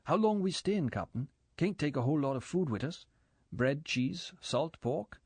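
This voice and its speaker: A man's voice: on the high side, animated, moderate pace, a little mellow, slightly rough, dry recording, pitched above the performer's own voice. A male narrator voicing a worried, reluctant Cayman Islander boatman with a Caymanian accent and plain-spoken dialect.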